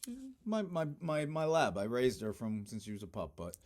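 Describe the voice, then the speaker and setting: A man, a guest actor and producer, talking casually in an interview, relaxed, with easy laughs and hesitant fillers. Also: mid-range voice, moderate pace.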